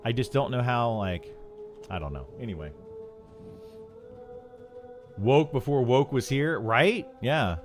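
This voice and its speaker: A man's voice: mid-range voice, expressive, unhurried, pauses often, faint music behind. Rambling, chatty man streaming a game. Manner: rambling, chatty, with many fillers and restarts. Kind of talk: casual chat while streaming.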